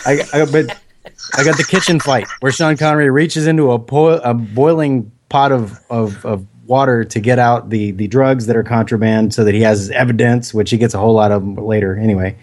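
Relaxed American man running through points. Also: medium pitch, fairly quick, a little hiss or hum. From United States. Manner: relaxed, listing points, joking. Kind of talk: casual podcast chat.

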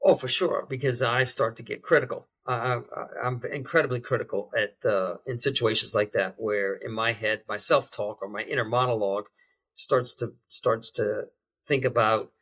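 Husky-voiced man, halting and reflective. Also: medium pitch, steady tone, a bit bright. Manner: halting, many fillers and restarts, reflective. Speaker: podcast guest, behavior change specialist. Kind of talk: interview conversation.

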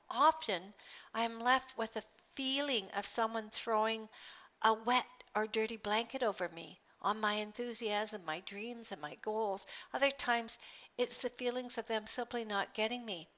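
A woman's voice: on the high side, sharp tone, highs cut off. A middle-aged woman hosting a motivational podcast, telling a personal story earnestly, with restarts and fillers. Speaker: podcast host.

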